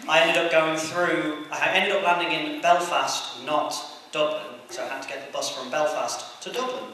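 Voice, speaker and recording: A young English man doing a crude, rambling stand-up comedy set on a convention stage, mocking himself and shouting to the crowd. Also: a little high. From England. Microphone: distant camera. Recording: echoey hall, taped from far off, noisy. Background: audience laughter.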